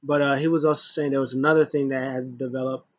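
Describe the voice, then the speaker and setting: A man's voice: mid-range voice, flat delivery, fast talker, no room sound. A man giving a loose, rambling casual recap as a wrestling show reviewer, full of asides.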